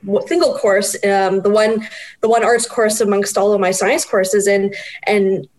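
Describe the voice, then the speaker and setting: A woman in her forties, a guest chatting casually, animated and self-deprecating with bursts of laughter. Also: mid-range voice, a little slow. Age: 40s. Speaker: guest, book project editor. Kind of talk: casual interview chat.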